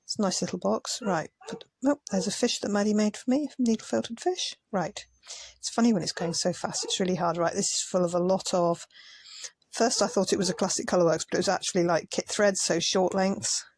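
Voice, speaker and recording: A woman's voice: mid-range voice, fairly quick, darkish tone, slightly rough, no room sound. A tired woman chatting casually as a craft vlogger, muttering asides as she sorts things. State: tired, yawning. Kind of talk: casual commentary over sped-up footage.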